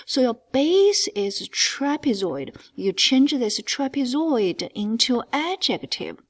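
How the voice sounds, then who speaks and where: Slow, lively-voiced woman math teacher. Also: sits high. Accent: non-native English. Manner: emphatic, stretches key words, lively ups and downs. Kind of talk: geometry lesson walkthrough.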